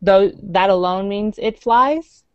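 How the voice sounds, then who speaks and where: A woman's voice: mid-range voice, slow, a little mellow, clear, resonant tone, no echo, lo-fi sound. A woman learning a language who asks curious questions and laughs easily. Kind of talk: casual lesson chat.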